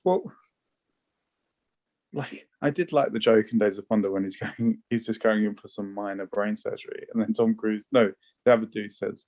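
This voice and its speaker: A man complains about a film with dry, mock-outraged humour. His voice sits a little low. The recording is slightly dull and lo-fi. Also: moderate pace, a little mellow. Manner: wry, grumbling, mock-outraged. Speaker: podcast co-host. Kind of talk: casual film chat.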